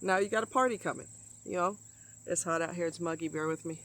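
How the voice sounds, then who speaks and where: A woman's voice: fairly low pitch, quick pace, fairly bright tone, slight background noise. A middle-aged woman vlogging outdoors, venting bluntly with heavy swearing and emphatic repetition. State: sweating in the heat. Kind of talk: outdoor vlog rant. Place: outdoors in hot muggy nature.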